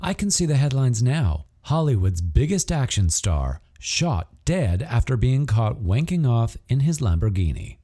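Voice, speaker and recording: Male narrator voicing a blunt teasing Australian woman, mellow tone, lively delivery, audiobook role. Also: medium pitch, measured pace, hardly any pauses, voice pushed up. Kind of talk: audiobook character voice.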